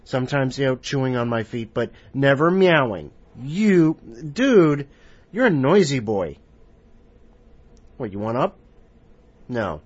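A man's voice: mid-range voice, very animated, slow, long pauses, breathy edge, dry recording. Male podcast host, playful and rambling, dry muffled sound. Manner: rambling, playful, self-mocking. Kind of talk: casual show hosting. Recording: dry, slightly muffled home recording.

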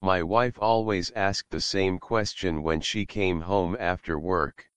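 A man with a very low voice reads dark little stories in a slow, deadpan way. His tone is smooth and resonant, and the recording is close and dry. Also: dry recording. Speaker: story contributor. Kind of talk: deadpan story reading.

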